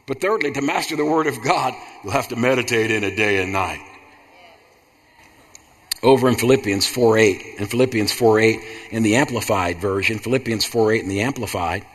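A man's voice: lowish voice, normal speed, a bit bright, husky. A man preaching a sermon in a repetitive, rhythmic cadence that builds to emphatic bursts. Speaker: pastor. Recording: long hall reverb.

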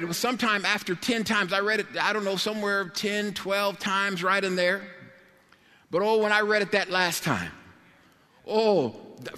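A man preaching a sermon with rising passion, building up to shouted declarations. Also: high-pitched. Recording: long hall reverb.

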